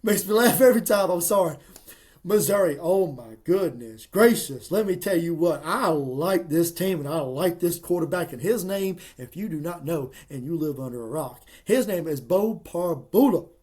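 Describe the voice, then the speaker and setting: A man giving casual, emphatic college football picks in a folksy, excitable way. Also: on the high side, moderate pace, few pauses. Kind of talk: casual sports picks monologue.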